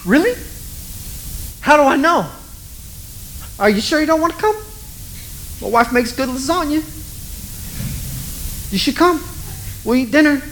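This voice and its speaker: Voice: high voice, expressive, a little slow, long pauses, a bit bright, a little hiss or hum, voice pushed up, exaggerated voice, low-quality recording. A preacher acting out a desperate official who pleads with Jesus to come heal his dying son, sounding earnest and pushy. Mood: coaxing.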